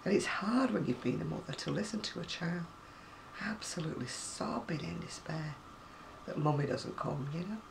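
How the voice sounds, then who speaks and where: A woman's voice: lowish voice, normal speed, gravelly, background noise. A middle-aged woman, chatting to camera in a rambling, storytelling way with ranting asides. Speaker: crafting vlogger. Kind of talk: casual chat to camera.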